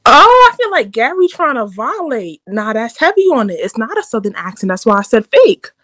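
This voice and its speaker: A woman's voice: on the high side, sing-song, fairly quick, pushed and bright, no echo. A woman with a New York accent hosting a live stream, chatting in a blunt, profane and emphatic way. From New York City. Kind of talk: casual chat.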